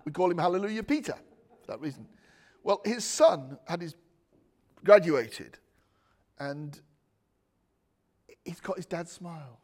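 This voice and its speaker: A man's voice: fairly high pitch, expressive, a little slow, long pauses, a little mellow. A man preaching a chatty, joking sermon full of asides. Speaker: pastor.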